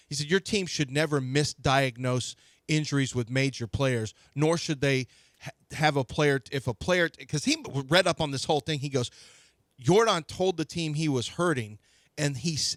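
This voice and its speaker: A man's voice: mid-range voice, dry recording, studio quality. A man hosting sports talk radio, ranting indignantly and restarting his sentences.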